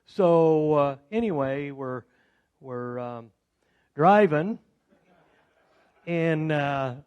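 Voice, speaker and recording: A man's voice: fairly high pitch, extremely slow, clear, resonant tone, lo-fi sound. A middle-aged man at a club meeting, telling a personal story to an audience in a rambling way with many fillers and restarts. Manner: grows loud and excited when recounting surprises.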